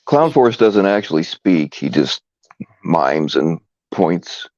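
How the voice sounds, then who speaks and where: Deep gravelly man, casual chat. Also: sing-song, darkish tone, no room sound, lo-fi sound. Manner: halting, laid-back, with many fillers. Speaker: live stream host.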